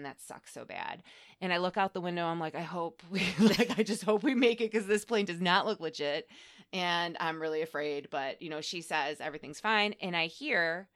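A woman co-hosting a podcast, telling a personal story in casual chat, animated and laughing often, with plenty of swearing. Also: fairly low pitch, smooth. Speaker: podcast co-host.

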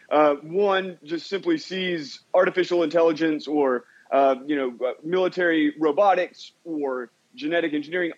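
A man appearing as a guest commentator, explaining ideas in a measured, thoughtful way with many fillers. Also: a little high, lo-fi sound.

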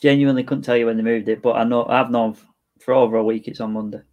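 A man's voice: medium pitch, steady tone, fast, phone-quality sound. A young man co-hosting a casual football podcast, talking in a dry, teasing way. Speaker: podcast co-host.

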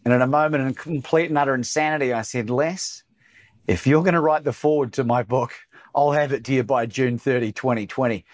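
An Australian coach, speaking at a medium pitch and a brisk pace, tells a personal story as a guest on a podcast interview. He's an animated storyteller who acts out other people's quoted lines.

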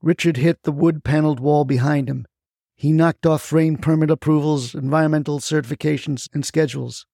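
Gravelly man narrating a story. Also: fairly high pitch, steady tone, brisk, warm tone, no echo, clean studio sound. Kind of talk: scripted first-person story narration.

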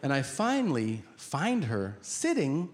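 A man doing stand-up on stage, telling a story with drawn-out comic timing and acting out quotes. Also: mid-range voice, wildly swooping pitch, darkish tone. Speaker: stand-up comedian. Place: stage before a live audience. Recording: live show with hall noise.

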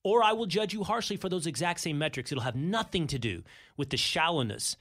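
A man's voice: a little high, lively intonation, a little fast, a bit bright. A man co-hosting a talk show, chatting casually and getting emphatic and fired up. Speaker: radio talk show co-host. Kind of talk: opinionated talk radio banter.

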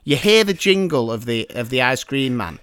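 A man in his thirties hosting a podcast, telling an animated story in casual chat. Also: mid-range voice, normal speed, smooth, dry recording, studio quality. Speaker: podcast host. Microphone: remote call.

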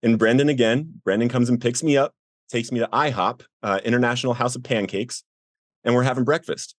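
A middle-aged man earnestly telling his personal recovery story as a podcast guest, voicing the people in it with raised pitch. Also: brisk, dry recording, clean studio sound. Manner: earnest, acts out quoted voices with rising pitch.

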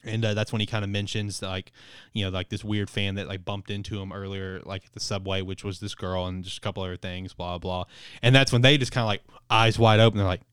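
Brief: laid-back male podcaster, rambling and cussing, smooth mid-pitched voice. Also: flat delivery, a little fast, fairly bright tone, no echo, clean studio sound. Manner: rambling, filler-heavy, swears freely. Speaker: podcast co-host. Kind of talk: casual chat reviewing a manga.

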